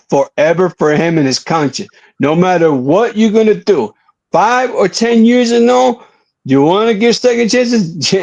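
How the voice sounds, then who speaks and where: A man's voice: fairly high pitch, darkish tone. A man giving earnest, emphatic opinion commentary on a wrestling podcast, drawing out his words for weight. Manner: earnest, drawn-out emphatic delivery.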